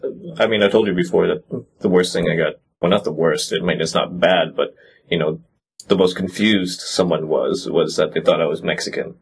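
A man's voice: deep voice, fairly even intonation, normal speed, gravelly, slight background noise. A man from the United States chatting casually on a podcast, teasing his cohost in a dry way. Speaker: podcast co-host. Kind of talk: casual chat.

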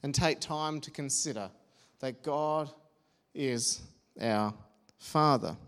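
A man's voice: mid-range voice, slow, a bit bright, clear, resonant tone. A man preaching a sermon, earnest and personal, with homely asides and the odd restart.

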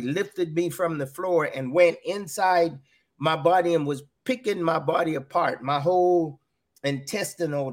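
A middle-aged man earnestly telling a personal faith testimony, often repeating his words as he goes. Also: a little high. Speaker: guest sharing a faith testimony.

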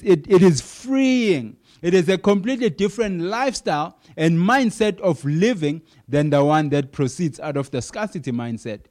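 Earnest man preaching, slightly high voice. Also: a little mellow. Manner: earnest, repeats key phrases with emphasis, some fillers. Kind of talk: sermon.

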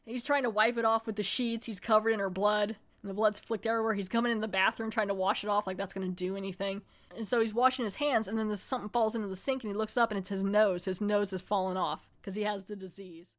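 Animated woman recapping a show. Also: medium pitch, fast talker. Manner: animated storytelling, acting out characters' lines. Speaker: podcast host. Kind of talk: casual episode recap.

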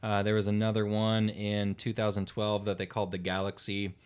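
A man chatting as a podcast host, telling stories in an animated way with frequent fillers. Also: fairly low pitch, brisk, clear, resonant tone. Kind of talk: casual chat.

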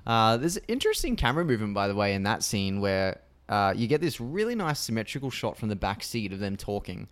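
Man, lowish smooth voice, casual film podcast co-host, animated and profane. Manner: animated retelling, swears freely.

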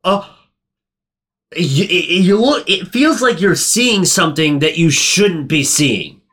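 A man's voice: high voice, very animated, slow, fairly bright tone, slightly rough. A man in casual chat, recapping a movie in a rambling, profane way and acting out its lines. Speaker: podcast co-host recapping a movie.

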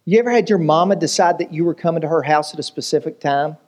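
Lively pastor, man, mid-high voice. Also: quick pace. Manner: lively storytelling with jokes and rhetorical questions. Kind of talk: sermon.

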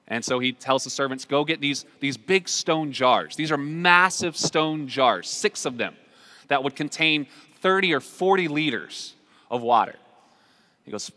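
Man preaching in a reverberant hall. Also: a little high. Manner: conversational, warm asides with repeated restarts. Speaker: pastor. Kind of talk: sermon.

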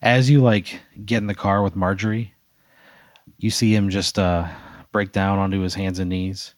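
Low-voiced man spinning a rambling hypothetical. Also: little pitch movement, moderate pace, no room sound. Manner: narrates in second person, loose and rambling with fillers. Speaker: host. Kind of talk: improvised hypothetical storytelling.

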